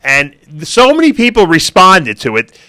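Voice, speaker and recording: A man with a bright, slightly high voice talks casually on a talk show. He rambles through his stories in loose, winding sentences. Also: huge pitch swings, normal speed. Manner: rambling, many fillers and restarts, chuckles along. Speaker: podcast co-host. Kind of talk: casual opinionated chat.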